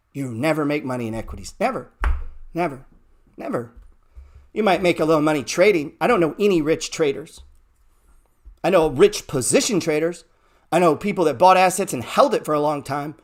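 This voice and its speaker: Man, higher-pitched voice, blunt market commentary, swears a lot, repeats himself for emphasis, loud bursts then low mutters. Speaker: stock market show host.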